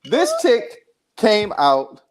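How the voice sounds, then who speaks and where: Guy on a podcast rambling thru a dating story, swears a lot, kinda high voice. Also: very slow. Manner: rambling, profane, animated storytelling. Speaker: podcast co-host. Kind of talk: casual chat, storytelling.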